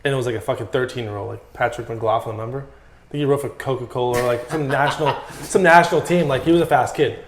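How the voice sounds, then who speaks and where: A man telling stories in a casual podcast interview, animated and full of swearing and "like"s. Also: medium pitch, fast. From Massachusetts. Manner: profane, animated storytelling with many "like"s. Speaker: guest, former pro BMX rider. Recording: echoey room.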